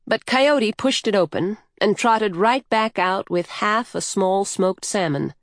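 A woman narrating a storybook in a slow, measured, lyrical way. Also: mid-range voice, no echo, studio quality. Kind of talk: scripted audiobook narration.

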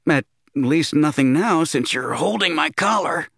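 A man voicing a cheeky, evasive plump shopkeeper in a raised, bright voice. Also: on the high side, expressive, measured pace, vocal fry, slightly rough, no room sound, clean studio sound, voice pushed up, exaggerated voice.

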